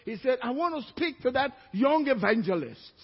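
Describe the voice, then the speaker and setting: A pastor preaching a sermon, telling stories and acting out the people in them. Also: male voice, extremely high pitch, big pitch swings, moderate pace, husky. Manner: storytelling, acts out quoted voices. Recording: muffled church recording, long reverb.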